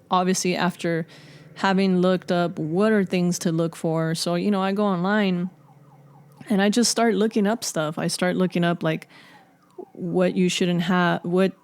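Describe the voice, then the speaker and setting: A woman with a lowish voice tells a personal story in loose, casual podcast talk. She swears often and piles on filler words as she rambles along. Her voice is close and dry, with no room sound. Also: darkish tone, clean tone, no echo. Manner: profane, rambling, full of fillers. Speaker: podcast guest.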